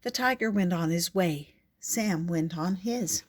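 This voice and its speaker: Older woman, storyteller, picture book read-aloud, gentle expressive pacing, low-ish pitch. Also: measured pace.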